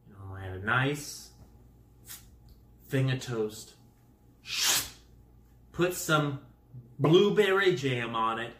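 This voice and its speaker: A man's voice: medium pitch, expressive, slow, long pauses, a bit bright, reverberant. A man telling a rambling comic story to camera, with goofy exaggeration and made-up words. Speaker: vlogger.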